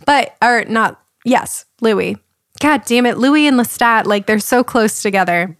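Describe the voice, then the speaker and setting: A woman's voice: fairly high pitch, unhurried, fairly bright tone, no room sound, studio quality. A young woman co-hosting a podcast, chatting casually and laughing often as she recounts a story's plot. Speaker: podcast co-host. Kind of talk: casual chat.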